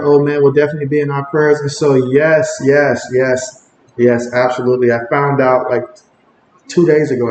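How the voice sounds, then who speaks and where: Man calling a game in an echoey room. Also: mid-range voice. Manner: reads viewer comments aloud, rises with excitement on plays. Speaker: livestream sports host. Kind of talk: casual play-by-play and chat reading. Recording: echoey room with faint ambient noise.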